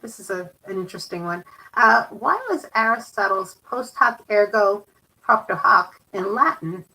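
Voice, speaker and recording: A woman's voice: mid-range voice, moderate pace, bright, forceful tone. A woman moderating a talk and reading out viewer questions, with hesitant fillers between them. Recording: distant mic.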